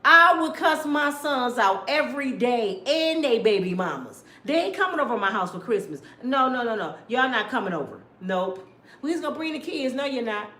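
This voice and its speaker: A sassy middle-aged woman rants through celebrity gossip, her pitch swooping up and down all the time. Her voice sits a little high and rings in an echoey room. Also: sing-song, moderate pace. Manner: loud, sassy, rants with acted-out quotes. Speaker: commentator. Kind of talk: casual celebrity gossip commentary.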